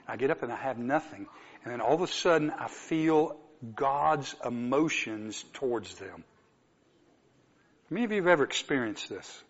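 A man preaching a sermon, telling a story and moving from soft asides to emphatic exclamations. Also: medium pitch, expressive, moderate pace, muffled recording.

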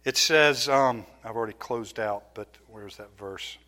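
A middle-aged man giving a sermon as a pastor, telling stories from his own life with lively, self-mocking laughter. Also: on the low side, a little slow. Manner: animated storytelling, laughing at himself.

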